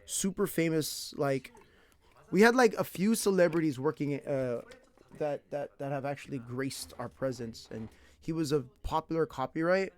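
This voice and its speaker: A man from California, an English teacher, chats through his stories in a light, somewhat high voice. He talks in slang and laughs as he goes. The telling is loose and animated. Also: normal speed. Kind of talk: casual storytelling.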